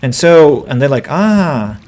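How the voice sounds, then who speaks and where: Here the man sounds a little high and a little mellow, very animated yet measured in pace. He's a game streamer and English teacher giving rambling let's-play commentary, heavy on fillers and self-corrections, replying aloud to viewers.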